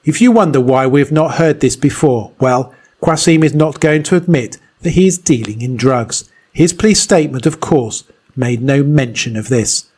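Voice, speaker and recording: Brief: male investigator narrating, mid-pitched, steady and serious. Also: normal speed, few pauses, husky. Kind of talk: scripted narration.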